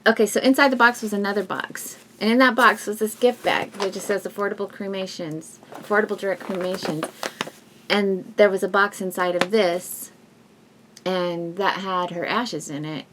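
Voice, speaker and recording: A woman vlogger talking casually and emotionally to her viewers at home, rambling with restarts and soft laughs. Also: medium pitch, steady tone, normal speed, background noise. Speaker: YouTube vlogger. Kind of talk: casual heartfelt talk to viewers.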